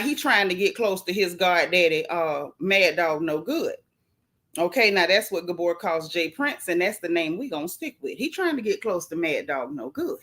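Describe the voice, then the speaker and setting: Chatty woman hosting a gossip livestream. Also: mid-range voice. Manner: chatty and animated, greets viewers from the chat. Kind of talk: casual live-stream gossip chat.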